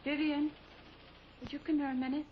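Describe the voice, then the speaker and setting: An actor playing a brisk, businesslike woman who runs a dating agency. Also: sits high, little pitch movement, natural voice. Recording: dull old TV soundtrack, hiss.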